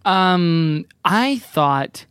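A man co-hosting a casual podcast, giving thoughtful opinions with ums and pauses. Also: high-pitched, expressive, a bit bright, clean tone, no room sound, clean studio sound. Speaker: podcast co-host. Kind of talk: casual chat among friends.

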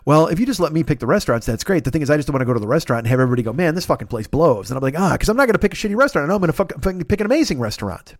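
A man in his fifties hosting a casual solo podcast, rambling and swearing as he tells animated stories. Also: on the high side, racing, few pauses, no echo, clean studio sound. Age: 50s. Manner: profane, rambling, animated storytelling. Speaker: podcast host.

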